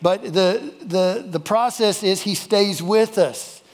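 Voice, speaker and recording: A man's voice: high-pitched, takes it slowly, long reverb tail. A male pastor, preaching a folksy, emphatic sermon and repeating key phrases for weight. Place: church worship service.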